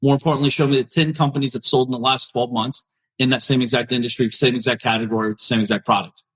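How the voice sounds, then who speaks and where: A man's voice: mid-range voice, steady tone, fast talker, fairly bright tone, poor audio. A middle-aged man hosting a podcast, ranting bluntly and confrontationally with lots of swearing, talking straight at his listeners. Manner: confrontational, swearing, addressing viewers directly. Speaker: podcast host. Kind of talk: blunt profane rant.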